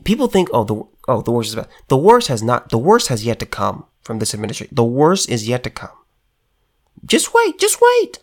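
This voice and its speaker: A heated male commentator talking straight to his audience, hammering his points with repetition. He trips over restarts as he builds up steam, his voice in an ordinary middle register. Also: medium pitch. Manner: emphatic, repetitive, stammering restarts, addresses viewers directly. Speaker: political commentator. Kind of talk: impassioned political rant.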